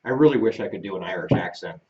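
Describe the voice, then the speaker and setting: A man's voice: low voice, expressive, rapid-fire. A joking male co-host whose voice rises and falls a lot as he teases. He sounds a bit far from a dull mic. It is casual live-stream banter from a home studio. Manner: joking, teasing, self-deprecating. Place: seated on a small love seat in a home studio.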